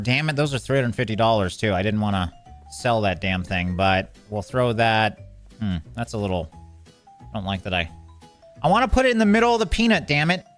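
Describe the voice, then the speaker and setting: A man's voice: on the low side, a bit bright. A man giving casual, joking commentary while playing a game, often exasperated and talking to the game's characters. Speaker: gaming video creator.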